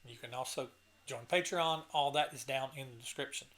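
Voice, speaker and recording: Bright-voiced man, earnest and emotional. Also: mid-range voice, a little fast. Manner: emotional, choked up at moments, rambling with restarts; enthusiastic and earnest. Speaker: channel host reviewing an album. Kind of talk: casual talk to camera.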